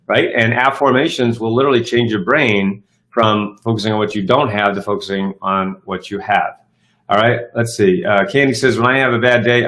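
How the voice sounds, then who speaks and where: With a fairly low, slightly bright voice, a middle-aged man runs a self-help live show. His talk is casual and upbeat, full of fillers and false starts, the way people chat on a live stream.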